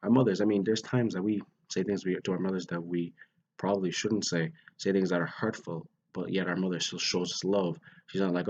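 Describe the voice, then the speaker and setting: Young male vlogger, very low voice, earnest and rambling, muffled home recording. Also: fairly even intonation, a little fast, a little mellow, slightly rough. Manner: earnest, rambling with many restarts. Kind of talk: casual faith talk to camera.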